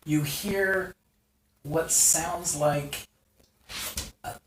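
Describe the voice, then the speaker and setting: Slow-talking game master in a noisy room. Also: mid-range voice, fairly even intonation. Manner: unhurried narration with frequent "um". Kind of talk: narrating a tabletop game. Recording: roomy, distant, noisy live stream.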